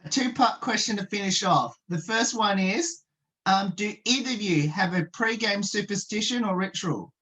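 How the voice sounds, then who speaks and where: A woman interviewer puts questions to her guests over a video call and laughs along with their answers. Her voice is bright and sits at a middle pitch. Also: moderate pace, low-quality recording.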